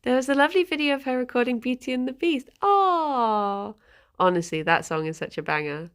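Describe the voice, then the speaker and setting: A woman's voice: sits high, fast. A woman streamer chatting casually with her viewers, rambling and giggling often. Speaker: livestreamer.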